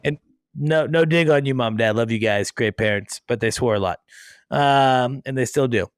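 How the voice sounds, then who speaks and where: A man's voice: medium pitch, moderate pace, clean tone, no room sound, studio quality. A man hosting a podcast, chatting casually in a rambling, self-deprecating way. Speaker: podcast host. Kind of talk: casual interview chat.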